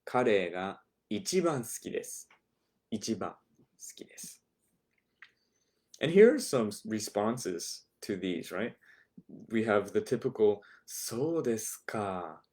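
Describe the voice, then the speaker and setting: A man's voice: lowish voice, expressive, moderate pace, a little mellow. A young man teaching a language class, explaining patiently and repeating each phrase for his students. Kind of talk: recorded online lesson.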